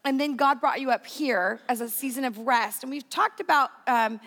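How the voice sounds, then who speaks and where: A woman's voice: sits high, a bit bright, big-room sound. A woman hosting a panel conversation, upbeat and encouraging toward her guests. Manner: upbeat and encouraging, quick to laugh along. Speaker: host.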